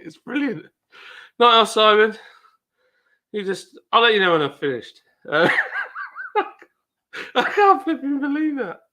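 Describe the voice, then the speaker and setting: Excitable British man on a live stream. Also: a little high. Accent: British English. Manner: excitable, laughs often, exclaims. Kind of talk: casual live stream chat.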